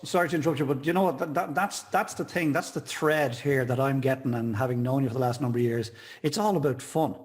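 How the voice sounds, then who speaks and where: A man's voice: medium pitch, fast, hardly any pauses. Male host, mid-range voice, eager and complimentary. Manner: enthusiastic, praising. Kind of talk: interview hosting.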